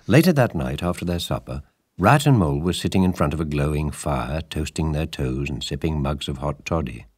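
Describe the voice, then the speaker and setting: A man with a very low voice reads a storybook aloud, measured and lively in his telling. The recording is close and dry, with no room sound. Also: husky, no room sound. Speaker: audiobook narrator. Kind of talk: scripted storybook narration.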